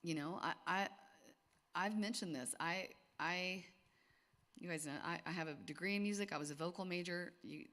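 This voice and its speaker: Middle-aged woman, low voice, chatty, restarts often, talking to a group, long hall reverb. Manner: chatty, warm, many restarts and asides. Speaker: speaker at a women's gathering. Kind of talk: casual talk to a group.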